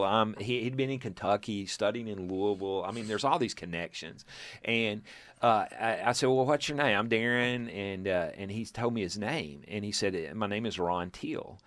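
Animated storytelling man from Texas. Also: lowish voice, no echo. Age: 50s. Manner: animated storyteller, acts out quotes, chuckles, restarts. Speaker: church planter and pastor. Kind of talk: storytelling testimony in casual group talk.

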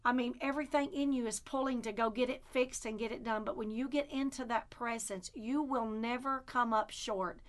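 A fervent woman preaching in a conversational way, weaving in scripture lines. Her voice sits slightly higher than usual. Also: normal speed, hardly any pauses. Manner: fervent, quotes scripture, answers with affirmations.

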